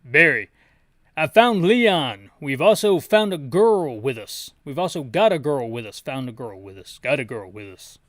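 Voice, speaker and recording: A man voicing a male soldier making loud, urgent radio calls for a rescue. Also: on the high side, lively intonation, normal speed, no echo, clean studio sound.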